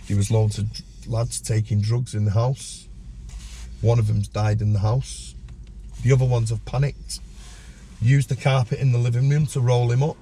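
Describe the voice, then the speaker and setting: A man talks through a gritty tale as a podcast guest. His voice sits mellow and dark, and he flicks sharply upward when he plays out other people's words. A faint hiss runs underneath. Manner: animated storyteller, acts out voices with sudden high pitch. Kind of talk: storytelling in a podcast interview.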